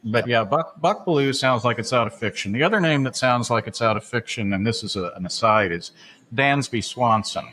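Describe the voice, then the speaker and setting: A man's voice: mid-range voice, fairly quick, pushed and bright, a little hiss or hum. Chatty male sports podcast host. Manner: chatty, many "uh" fillers, laughs at his own asides. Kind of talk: casual sports chat.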